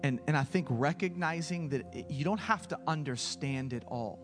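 Male preacher with a high voice, emphatic and building, relaxes into casual anecdotes. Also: normal speed, music in the background. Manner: emphatic, rising with repeated phrases; breaks into chatty storytelling. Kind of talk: impassioned preaching.

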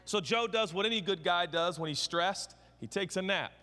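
Male preacher, lively, bright sharp tone, joking sermon, echoey big room. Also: sits high, moderate pace. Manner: animated comic storytelling preacher. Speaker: pastor. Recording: long hall reverb.

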